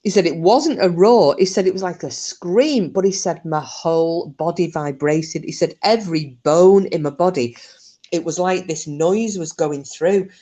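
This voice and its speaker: A woman's voice: on the low side, normal speed, warm tone. A woman hosting her channel, casually retelling a true story, chatty, swearing freely and laughing often.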